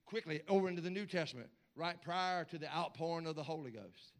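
A man preaching a sermon as pastor, swinging from low asides to hollered, repeated lines. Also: quick pace. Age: middle-aged or older. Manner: building to shouted, hollering preaching with stammered repeats.

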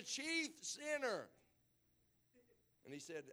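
A man preaching a sermon in a church, emphatic, dropping to low murmurs and then rising to shouted exclamations. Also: wildly swooping pitch, unhurried, pauses often.

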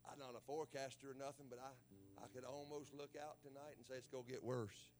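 A man with a rural Southern American accent preaching a sermon as pastor, folksy and emphatic, rising to shouted peaks. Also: mid-range voice, level tone, brisk, faint music behind.

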